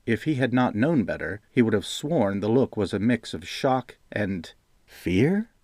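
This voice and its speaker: A man narrating a fantasy audiobook in a measured, steady reading. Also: fairly low pitch, no room sound, clean studio sound.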